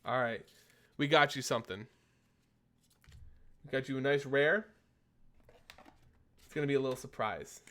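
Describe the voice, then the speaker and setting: A man's voice: mid-range voice, normal speed, long pauses, pushed and bright. A young man hosting a casual live stream, chatting and answering viewer questions, a little phlegmy. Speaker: streamer host.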